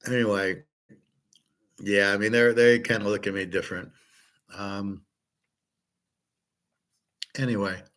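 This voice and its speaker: A man's voice: fairly low pitch, level tone, a little slow, long pauses, fairly bright tone. A man hosting a casual stream, talking bluntly and in a rambling way, swearing and answering chat comments. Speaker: host. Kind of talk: casual livestream talk on betting and gold.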